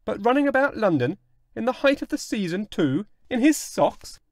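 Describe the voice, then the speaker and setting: Man doing a fussy victorian housewife, voice pushed way up high, dry close audiobook sound. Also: very animated, moderate pace, no echo. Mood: exasperated. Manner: anxious and fussing. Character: flustered Victorian housewife, woman.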